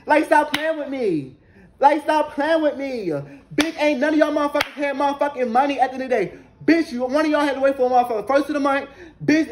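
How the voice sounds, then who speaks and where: A man's voice: very high-pitched, slight background noise. A man in his twenties telling an angry, profane storytime rant to camera, repeating lines for emphasis. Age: 20s. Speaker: vlogger.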